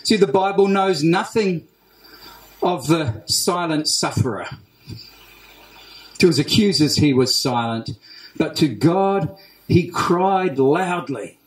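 High-voiced Australian pastor preaching slowly. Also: male voice, expressive. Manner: emphatic, repeats key phrases, deliberate pauses. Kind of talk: sermon. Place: church hall. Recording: roomy church hall echo.

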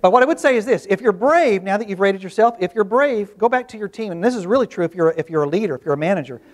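A man with a high-pitched voice presents to a workshop audience in a presentation room. He talks in an easygoing, storytelling way, doubling back on his words and adding little asides as he goes. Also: expressive, fast. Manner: conversational storytelling with restarts and asides. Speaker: corporate workshop speaker.

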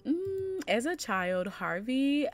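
A woman's voice: sits high, big pitch swings, takes it slowly, faint music behind. A woman casually narrating her life-sim gameplay as host, chatty and rambling with plenty of fillers. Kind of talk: casual let's-play commentary.

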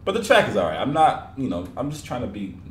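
A man hosting a music reaction video, talking casually, laughing a lot and bursting out in loud, profane disbelief. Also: mid-range voice, very animated, fast, reverberant. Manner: laughs often, loud incredulous outbursts, profane.

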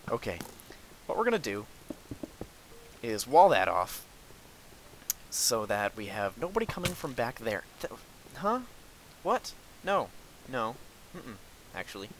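Excitable young man narrating gameplay. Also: mid-range voice, a little slow, pauses often, noisy background. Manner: excitable, talks to himself and the enemies, frequent laughs and outbursts. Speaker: gaming video host. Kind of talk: live gameplay commentary.

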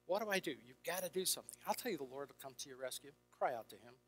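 A man's voice: medium pitch, expressive, very fast, husky. An older man, a Christian counselor, telling stories to an audience and acting out the dialogue in shifting voices. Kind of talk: storytelling talk to an audience. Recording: reverberant hall with faint music.

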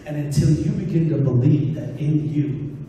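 High-voiced man preaching in an echoey hall. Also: steady tone, moderate pace, dark tone, distant mic, a little hiss or hum. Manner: conversational preaching, acts out his own prayers. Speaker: pastor. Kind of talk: sermon. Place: church hall. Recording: echoey hall recorded from afar.

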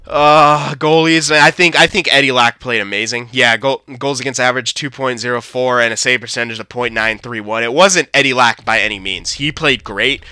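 A young man giving live, profane gameplay commentary, swinging between shouting at his team and deflated muttering. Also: mid-range voice, a little fast, hardly any pauses, smooth, dry recording, studio quality. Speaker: gaming commentator.

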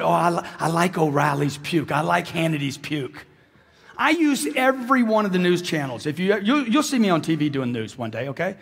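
A middle-aged man delivers a brash, punchy motivational seminar to a big crowd, his voice pitched high and a little husky. He mocks the people he quotes in a teasing tone. The sound carries a long reverb from the hall he speaks in. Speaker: sales speaker. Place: large hall with live audience. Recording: echoey hall recording.

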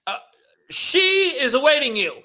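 A man voicing a formal male courtroom judge who reads out charges haltingly. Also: extremely high pitch, big pitch swings, sharp tone, voice pushed up, full character voice.

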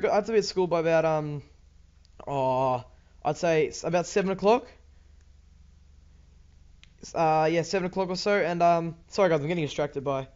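A man's voice: fairly high pitch, a little mellow, clean tone, highs cut off. A teenage boy with an Australian accent, rambling casually over gameplay with lots of ums, restarts and swearing. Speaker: gaming YouTuber.

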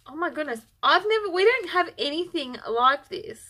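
A woman's voice: sits high, expressive, moderate pace, bright, forceful tone. Bubbly, gushing woman unboxing yarn. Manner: bubbly, gushing, easily overexcited. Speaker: yarn vlogger. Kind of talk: casual unboxing chat.

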